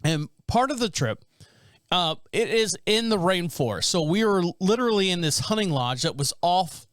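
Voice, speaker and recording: A man's voice: high voice, very animated, moderate pace, fairly bright tone, no room sound. A middle-aged man hosting a podcast from a small studio, telling rambling stories in casual chat and laughing often. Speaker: podcast host.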